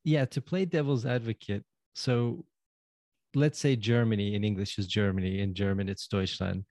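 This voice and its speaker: A man's voice: on the low side, fairly even intonation, normal speed, a little mellow, no room sound, studio quality. A man hosting an interview, asking questions in an easygoing, self-deprecating way. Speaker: host.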